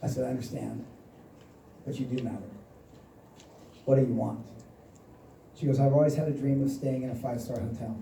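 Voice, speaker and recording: Recorded from a distance in an echoey hall with slight background noise, a man in his forties delivers a motivational seminar talk. His mellow, medium-pitched voice has fairly even intonation and a fairly quick pace broken by long pauses, and he acts out the dialogue in his stories.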